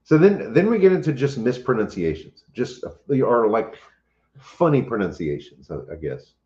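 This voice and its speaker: A man's voice: medium pitch, sing-song, moderate pace, dark tone. A man hosting a casual chat, playful and teasing, laughing often. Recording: roomy, slightly dull recording.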